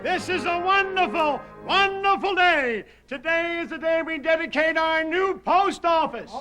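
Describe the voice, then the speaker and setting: An actor playing an eager announcer welcoming a town crowd in a 1960s TV sketch, loud and hearty. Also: male voice, very high-pitched, heavily acted, rough recording.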